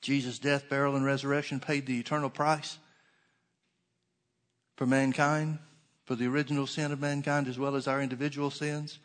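A man preaches a sermon earnestly, repeating key phrases and slowing down to stretch out the scripture he quotes. His mid-range voice shows little pitch movement.

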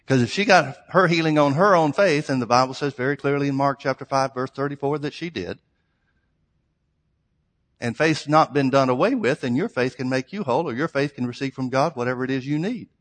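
A man's voice: mid-range voice, a little fast, fairly bright tone. A man preaching a sermon, reading scripture aloud and retelling a story with fillers and restarts. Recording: long hall reverb.

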